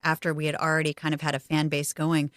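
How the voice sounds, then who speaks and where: A woman's voice: low voice, monotone, fast talker, a bit bright, no echo, clean studio sound. A middle-aged woman co-hosting a podcast, chatty and giggly, often restarting her sentences. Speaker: podcast co-host. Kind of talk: casual podcast chat.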